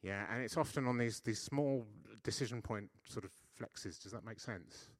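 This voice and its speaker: A man's voice: medium pitch, normal speed, no room sound, studio quality. A man giving a conversational sermon as a preacher, often checking in with his listeners and poking fun at himself. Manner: conversational, self-deprecating, frequent "yeah?" checks. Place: church.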